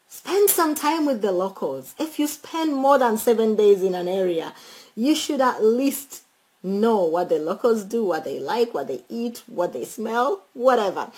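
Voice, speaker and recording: A woman chatting casually as a travel vlogger, animated and quick to laugh, speaking to her viewers and calling out friends by name. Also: medium pitch, poor audio. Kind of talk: casual travel tips chat.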